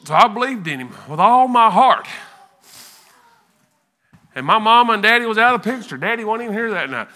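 A man giving an emotional church testimony, earnest and halting, often repeating words. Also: high-pitched, animated, pushed and bright.

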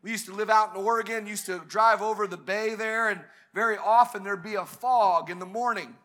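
A man's voice: sits high, steady tone, a little fast, a bit bright. A man preaching a sermon at a church service, fervent and building to emphatic peaks.

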